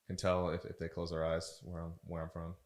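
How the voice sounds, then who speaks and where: A man's voice: deep voice, completely flat delivery, a little fast, a little mellow, roomy sound. A man co-hosting a podcast, chatting casually and teasing in an easygoing way. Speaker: podcast co-host. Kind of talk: casual chat.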